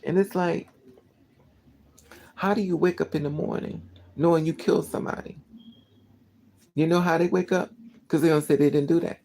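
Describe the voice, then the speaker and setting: Gravelly vlogger ranting, worked up, keeps repeating stuff for emphasis. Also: medium pitch, fairly even intonation, normal speed, long pauses, mellow, low-quality recording. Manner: emotional, indignant, repeats phrases for emphasis. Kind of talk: casual storytelling rant.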